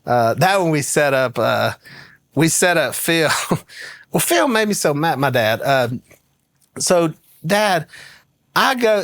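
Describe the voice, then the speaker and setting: A man's voice: fairly high pitch, no room sound. A middle-aged man with a Southern American accent, telling a story in casual talk as a guest and laughing as he goes. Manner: animated, laughs through his story.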